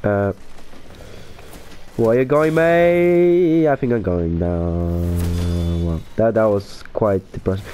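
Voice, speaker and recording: A man's voice: fairly low pitch, slow, long pauses, slight background noise. A young man commentating his own online shooter match, exclaiming over kills and deaths. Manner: excitable, exclaims and narrates his own plays. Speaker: gaming YouTuber. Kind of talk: live gameplay commentary.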